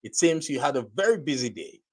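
A man's voice: medium pitch, big pitch swings, a little fast, husky. A man with a Nigerian accent hosting a motivational podcast, enthusiastic, with preacherly build-ups. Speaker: podcast host.

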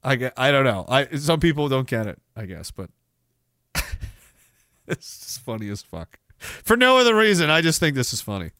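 Bright, lively man hosting a rant stream. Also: medium pitch, normal speed, pauses often, no echo, studio quality. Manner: sarcastic, rambling, mocking asides. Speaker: podcast host. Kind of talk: casual livestream rant.

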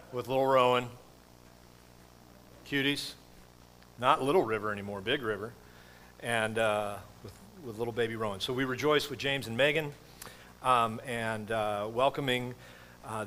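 A man's voice: medium pitch, fairly bright tone, slight background noise. A middle-aged man giving a sermon as pastor, in a casual, rambling way with many fillers and restarts.

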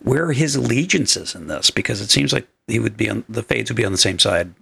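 A man's voice: lowish voice, lively intonation, fairly quick, gravelly, pushed and bright, husky, no room sound. A man co-hosting a podcast in casual chat, joking and breaking into playful quips. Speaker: podcast co-host.

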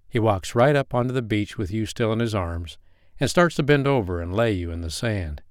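A man narrating a second-person erotic story in a calm, steady way. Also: fairly low pitch, moderate pace, no echo, clean studio sound.

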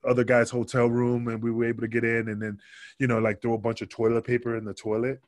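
Man, crude storyteller, mid pitch, dry close mic. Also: completely flat delivery, quick pace, no room sound. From North America. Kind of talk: casual video-call podcast chat.

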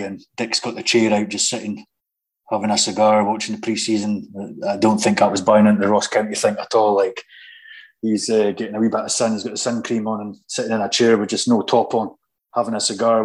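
A man's voice: fairly low pitch, level tone, poor audio. Scottish guy rambling through old football stories, lots of restarts. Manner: halting, many restarts, anecdotal. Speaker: former footballer guest. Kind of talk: casual chat.

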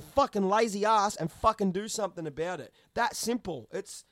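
A fired-up man with a fairly high voice, ranting in a casual podcast chat and swearing nearly every sentence. The sound is dry and close, with no room around him. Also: moderate pace, fairly bright tone, no echo. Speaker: podcast co-host.

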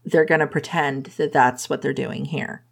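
Low-voiced woman recapping a romance plot. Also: steady tone, normal speed, gravelly. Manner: laughs often, playful quoting of characters. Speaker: book reviewer recapping a romance novel. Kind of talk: casual plot summary.

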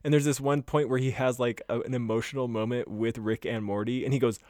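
A man's voice: medium pitch, fairly even intonation, quick pace, darkish tone, dry recording. Giggly crude guy with a dry sound. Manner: crude, giggly, rambling with fillers. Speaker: podcast co-host. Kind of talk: casual chat.

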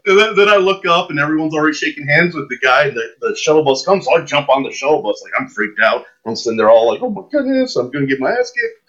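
A man's voice: on the high side, quick pace, hardly any pauses. A man telling a long casual anecdote as a podcast guest, acting out the lines of the people in his story. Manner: animated storyteller, acts out his own lines. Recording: muffled lo-fi podcast audio.

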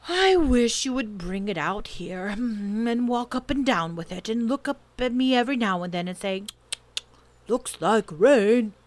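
A woman voicing a gentle, slow, dreamy male teddy bear who hums and ponders as he talks. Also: on the high side, expressive, voice pushed up. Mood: pondering.

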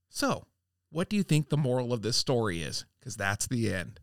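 A man reads short fables aloud for a podcast segment, playful and animated, his pitch leaping up and down as he voices the characters. The sound is dry and close, with no room echo. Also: normal speed, gravelly. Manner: playful, reads quoted lines with lively voices. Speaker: podcast co-host reading fables. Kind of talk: casual chat and storybook reading.

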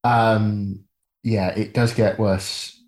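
A man in casual film discussion, measured and hedging, politely choosing his words. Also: on the low side, level tone, a little mellow, roomy sound. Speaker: podcast co-host.

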